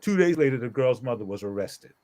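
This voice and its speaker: A middle-aged pastor tells a story in a relaxed group conversation, his mid-range voice brisk, animated and emphatic. He keeps checking in with listeners by asking "okay?"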